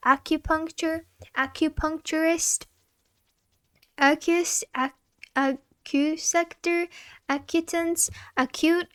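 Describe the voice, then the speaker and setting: A woman streamer works through a dictionary word by word at an unhurried pace. Her voice sits high, and she giggles whenever a tricky term trips her up. The sound is dry and close, with no room around it. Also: dry recording. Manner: giggly, stumbles over hard words. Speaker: vtuber. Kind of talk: reading dictionary entries aloud.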